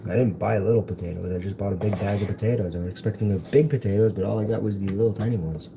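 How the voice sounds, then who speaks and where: Cooking in his home kitchen on a livestream, a young male host rambles and jokes as he goes, talking rapid-fire in a fairly low, creaky voice with fairly even intonation. The home stream's audio is noisy.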